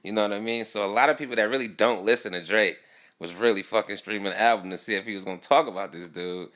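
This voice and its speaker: A man's voice: on the low side, quick pace, fairly bright tone. A man co-hosting a casual podcast, laid-back and slangy in how he talks. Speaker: podcast co-host. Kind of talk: casual chat.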